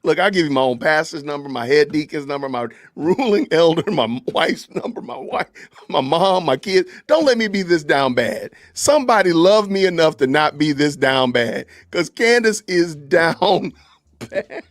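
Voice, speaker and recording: Man, podcast host, incredulous reaction commentary, animated pitch, slightly high voice. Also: moderate pace, no echo, studio quality. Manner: laughing, incredulous, exclamatory. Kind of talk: live-stream reaction commentary.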